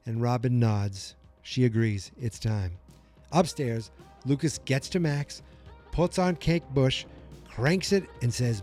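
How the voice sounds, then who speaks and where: A man hosting a solo podcast, recapping a TV episode and getting animated and worked up as he vents. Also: mid-range voice, slow, faint music behind. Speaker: podcast host.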